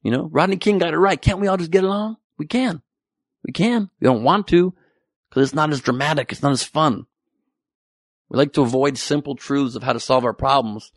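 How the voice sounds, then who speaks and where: Gravelly man in a sarcastic rant. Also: medium pitch, normal speed, no room sound, studio quality. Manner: exasperated, sarcastic. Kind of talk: comedic rant.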